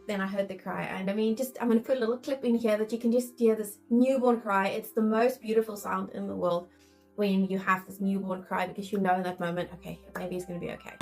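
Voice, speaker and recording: On a rough recording, a woman with a voice on the high side, a midwife in her thirties, candidly and emotionally shares her own birth story to camera. She acts out the worries running through her head as she tells it.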